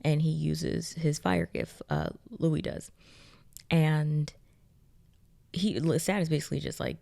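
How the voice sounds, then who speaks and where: A young woman casually recapping and reviewing a TV episode, excitable and chatty with many fillers. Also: sits low, measured pace, vocal fry. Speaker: pop culture video essayist.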